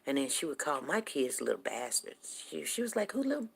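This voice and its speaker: A woman's voice: extremely low pitch, big pitch swings, moderate pace, creaky, breathy edge. A woman hosting a show, telling rambling folksy stories. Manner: rambling, folksy, with many restarts. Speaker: show host. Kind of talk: casual storytelling monologue.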